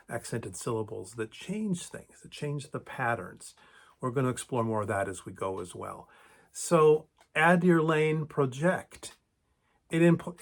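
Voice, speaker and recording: A middle-aged man hosting his own video channel, talking reflectively to camera with frequent restarts and lively rises in pitch on key words. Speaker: creator and host of a video channel. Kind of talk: reflective solo talk to camera.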